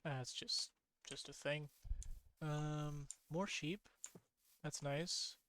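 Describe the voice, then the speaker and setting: Sleepy rambling man, slightly high voice. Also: drawn-out words, slight background noise. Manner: rambling, repeats himself, easily excited. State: sleepy, yawning. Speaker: streamer. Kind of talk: casual gameplay commentary.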